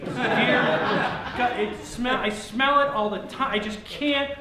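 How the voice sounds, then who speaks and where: A man leading an improv comedy game on stage, telling quick playful jokes. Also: very high-pitched, very noisy. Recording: roomy stage sound from far off with crowd.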